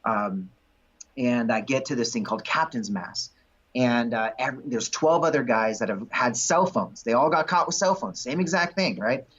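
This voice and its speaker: A husky, slightly rough man's voice, middle-pitched, recounting his past with lively energy as an interview guest. He slips into the voices of the people in his stories. The recording sounds dull and lo-fi. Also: normal speed. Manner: animated storyteller who acts out quotes. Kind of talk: storytelling in an interview.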